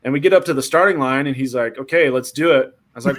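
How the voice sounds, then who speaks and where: A young man hosting a podcast, telling a story with lots of acted-out quotes and big jumps in pitch. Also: quick pace, hardly any pauses, a bit bright. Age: young adult. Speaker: podcast host. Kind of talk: animated storytelling.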